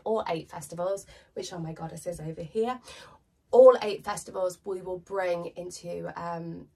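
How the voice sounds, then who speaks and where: A British woman with a cold reads tarot cards in a loose, chatty, slangy way. Her low voice is gravelly and husky. She sits a little back from the microphone. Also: recorded from a distance. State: has a cold. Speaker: tarot reader. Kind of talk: casual tarot card reading to camera.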